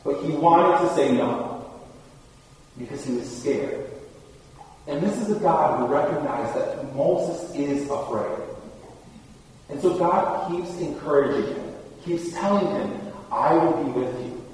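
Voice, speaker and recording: A man's voice: a little high, animated, unhurried, pauses often, darkish tone. A man preaching a casual, conversational sermon, full of fillers, and laughing easily. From Michigan. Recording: very echoey hall, far from mic.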